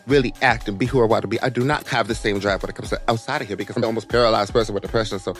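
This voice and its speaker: A young American man vlogging his life story, expressive and dramatic, jumping into high voices. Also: very fast, soft background music. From United States. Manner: animated, dramatic, leaps into high voices for quotes. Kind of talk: personal storytelling monologue.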